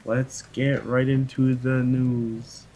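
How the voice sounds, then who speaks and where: A man mimicking a male online news host, parodying the intro in a slow mock-announcer voice. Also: medium pitch, level tone, dark tone, natural voice, poor audio.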